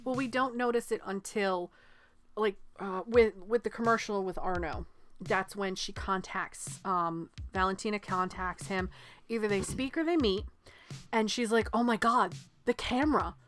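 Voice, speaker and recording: On a laid-back movie podcast, this New England co-host tells stories in an animated way, acting out quotes and cursing without hesitation. Her pitch is medium and her pace moderate.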